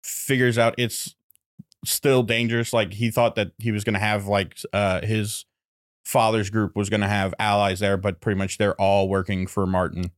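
A man in casual podcast chat, animated and swearing as he retells a story. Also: lowish voice, normal speed. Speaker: podcast guest.

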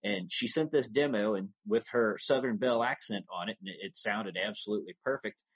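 Husky-voiced man, easygoing rambling guest. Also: on the low side, a little fast, muffled recording. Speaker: podcast guest, audio drama producer. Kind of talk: casual interview talk.

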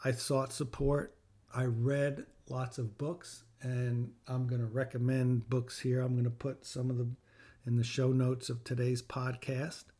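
A middle-aged man talks slowly and unhurriedly, his voice sitting at an ordinary, moderate pitch. He hosts a personal podcast in a sincere, heartfelt tone. He leans on repetition to drive his points home. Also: level tone, mellow, breathy edge. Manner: earnest, heartfelt, with emphatic repetition. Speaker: podcast host. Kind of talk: personal reflective talk with faith teaching.

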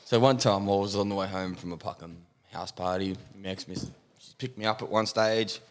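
A man's voice: low voice, brisk. An Australian man hosting a casual podcast, telling crude stories with laughter and lots of swearing. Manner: crude, laughing, animated storytelling. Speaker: podcast host. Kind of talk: casual storytelling chat.

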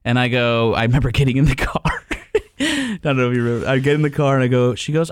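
A man's voice: mid-range voice, sing-song, quick pace, no echo, studio quality. A man co-hosting a podcast in casual chat, telling stories animatedly and acting out past conversations. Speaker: podcast host.

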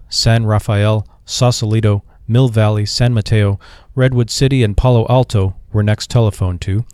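Male audiobook narrator, measured delivery, mid pitch, dry booth sound. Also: warm tone, no echo. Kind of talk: scripted narration.

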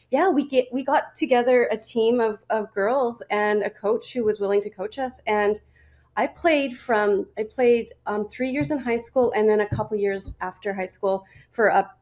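A woman's voice: mid-range voice, darkish tone. A chatty woman in her forties tells her story as a guest on a podcast. She talks loosely, laughs often and restarts her sentences as she goes. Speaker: guest nutrition and fitness coach. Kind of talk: casual interview storytelling.

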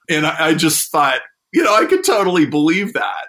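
A man talks through ideas in a relaxed podcast conversation. His voice is bright and forceful, and he slips into the voices of people he quotes as he tells his stories. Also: fairly high pitch, moderate pace, hardly any pauses. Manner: animated storyteller, acts out quoted people. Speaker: guest discussing a science prize.

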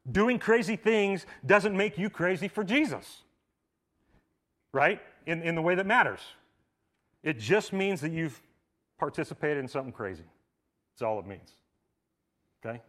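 A male pastor preaching a sermon in a church, casual and conversational, with frequent asides, swinging from loud emphatic stretches to quiet hushed ones. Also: medium pitch. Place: church sanctuary.

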